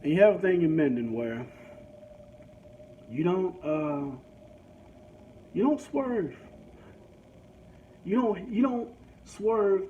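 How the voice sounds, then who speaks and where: Country guy cussing through a story in his car, voice high and all over the place, dull lo-fi audio. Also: takes it slowly, pauses often. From rural country town. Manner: crude, animated, swears freely. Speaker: vlogger. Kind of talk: profane storytelling rant. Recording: dull lo-fi sound, faint noise.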